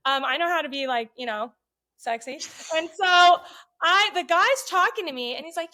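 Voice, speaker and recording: A middle-aged woman telling a story in casual chat, profane and animated, acting out what people said. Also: high-pitched, moderate pace. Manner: profane, animated, acts out quotes. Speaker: podcast guest.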